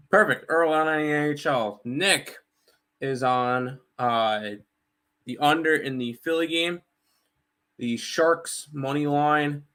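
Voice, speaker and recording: A man co-hosting a sports betting show, relaxed, reading out viewers' picks in casual chat. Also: mid-range voice. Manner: easygoing, reads out viewers' picks. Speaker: co-host.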